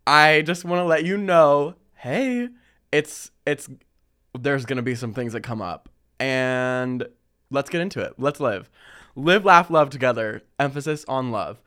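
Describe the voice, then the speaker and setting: A young man hosting a casual chat, reading listener stories and telling his own with lively slang and frequent laughter. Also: mid-range voice, unhurried, clean tone. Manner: animated, laughs often, chatty slang. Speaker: podcast host.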